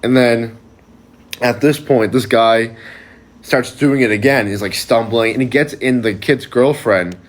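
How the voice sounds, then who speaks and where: A man's voice: mid-range voice, a little slow. A young man casually telling a personal anecdote for a social video, rambling and packing his sentences with "like". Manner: rambling, heavy use of "like" fillers.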